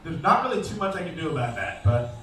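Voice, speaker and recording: A man presenting a live alligator show, joking with and quizzing the crowd and calling out loudly to them. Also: fairly high pitch, very animated, fast. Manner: calls out loudly to the audience. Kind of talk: live comedic animal demonstration. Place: outdoor show arena. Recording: echoey, distant outdoor recording with faint noise.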